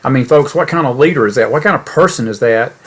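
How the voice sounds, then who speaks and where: A man's voice: mid-range voice, expressive, quick pace, husky. Folksy, indignant middle-aged man hosting a podcast. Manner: folksy, earnest and indignant, speaks straight to listeners as folks. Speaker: podcast host. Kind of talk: political commentary podcast.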